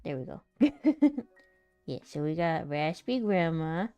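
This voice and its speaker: A woman's voice: sits low, very animated, takes it slowly, dark tone, clean tone, no room sound, lo-fi sound, faint music behind. A young woman streamer practicing voice acting, chatting casually and laughing at herself between takes. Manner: giggly, self-mocking, chatty. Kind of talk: casual live-stream chat.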